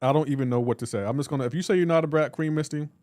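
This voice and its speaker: A man's voice: on the high side, racing, darkish tone, dry recording, clean studio sound. A man on a live reaction stream, teasing and bantering with his chat and laughing often. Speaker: livestreamer.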